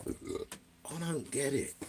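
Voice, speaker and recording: A man's voice: mid-range voice, sing-song, extremely slow, background noise. A middle-aged English man chatting casually on a livestream, answering viewers in a blunt, rambling way and swearing a lot. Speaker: vlogger.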